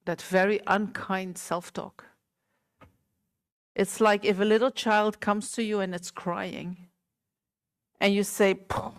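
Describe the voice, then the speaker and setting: Speaking to a small group at a meditation center hall, a woman teacher delivers a Buddhist talk at an unhurried, gentle pace. Her pitch is medium, and she keeps asking the group questions.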